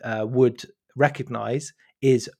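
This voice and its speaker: A man's voice: mid-range voice, steady tone, slow pace, gravelly, a little mellow, dry recording. Man thinking aloud on a podcast, dry sound. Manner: searching for words, many restarts. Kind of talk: casual podcast discussion.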